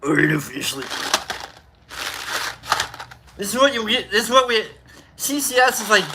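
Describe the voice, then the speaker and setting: A man's voice: sits high, very animated, a little fast, sharp tone, slight background noise. A man hosting a casual livestream chat, joking and rambling with self-mocking humor. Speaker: host.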